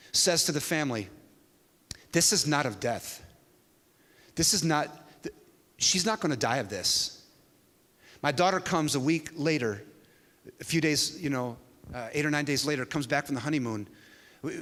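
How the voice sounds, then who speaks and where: A man preaching a sermon to a church, telling a story with an animated delivery that swings from hushed to loud. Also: medium pitch. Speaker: pastor. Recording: long hall reverb.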